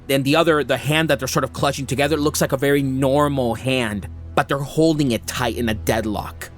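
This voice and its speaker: A man narrating a tabletop game as game master, describing scenes in an unhurried, descriptive way. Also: mid-range voice, fairly even intonation, soft background music.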